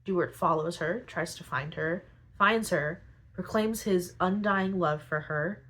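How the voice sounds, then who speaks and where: Low-voiced woman chatting through book plots. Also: a bit bright, poor audio. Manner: chatty, retells plots with filler "like" and quick asides. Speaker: podcast host. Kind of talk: casual book summary.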